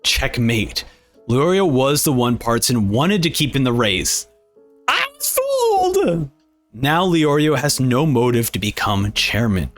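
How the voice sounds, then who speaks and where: A young man giving excited reaction commentary on an anime and reading lines aloud in playful voices. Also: medium pitch, a little slow, faint music behind. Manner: animated, reads lines aloud in silly voices.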